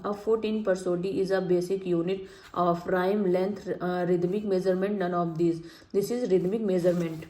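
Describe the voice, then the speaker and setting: A woman works through exam questions in a study lecture. She reads each option aloud and then repeats the right answer slowly. Her voice is mellow and flat, and the room is echoey. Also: fairly low pitch. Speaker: teacher.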